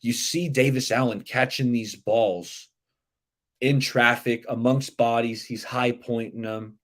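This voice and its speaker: A man's voice: medium pitch, fairly even intonation, unhurried, fairly bright tone. A man hosting a live sports talk stream, chatting loosely and reacting to viewer comments. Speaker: livestream sports show host.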